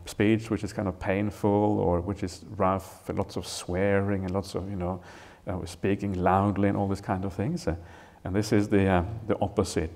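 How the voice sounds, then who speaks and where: A man, a Buddhist monk, giving an unhurried Dharma talk on a scripture, with frequent "uh" fillers and "right?" checks. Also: lowish voice, a little mellow. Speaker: Buddhist monk teaching a retreat. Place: retreat hall.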